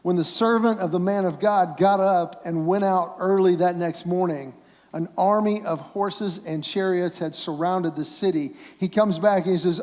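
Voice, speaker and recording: A man's voice: high-pitched, unhurried, darkish tone, in a large hall. A man preaching a sermon as a guest speaker, retelling a story and acting out its characters' voices. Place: church sanctuary.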